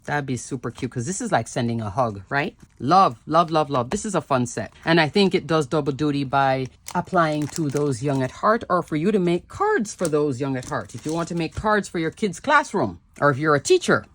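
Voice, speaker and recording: A woman's voice: deep voice, sing-song, fairly quick, few pauses. Bubbly woman hosting a craft video. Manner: bubbly, repeats words like "love, love" and "fun"; addresses viewers as "crafters". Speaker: papercraft video host. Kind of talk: casual craft demonstration.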